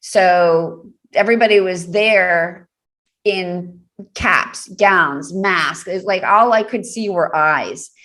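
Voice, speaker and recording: A woman's voice: fairly low pitch, slow pace, fairly bright tone. A woman being interviewed on a podcast, telling a personal story earnestly, with many fillers and frequent laughter. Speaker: guest, trauma recovery specialist.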